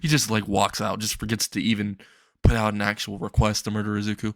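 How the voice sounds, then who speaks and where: A man casually narrating an improvised fan-fiction story, rambling and excitable, swearing freely and briefly voicing the characters. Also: fairly low pitch, quick pace, no room sound.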